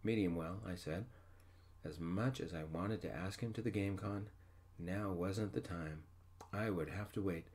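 A man telling a first-person story in a gentle, unhurried, soft-spoken ASMR style, whispered role-play. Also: sits low.

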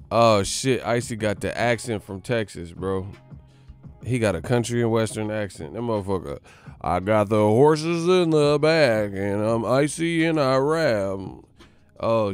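A man's voice: mid-range voice, clean tone. A man hosting a live stream, chatting casually with his viewers, loose and profane, joking as he reads out their comments.

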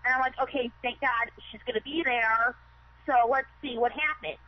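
High-voiced, chatty female caller on a dull line. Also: fairly even intonation, normal speed. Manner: rambling, chatty. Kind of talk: chatty call-in.

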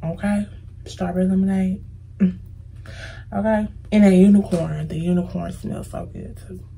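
A woman's voice: mid-range voice, fairly even intonation, moderate pace, gravelly, dark tone, breathy edge, low-quality recording. A woman with an American accent answering viewer questions in a casual, chatty, playful vlog. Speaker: vlogger.

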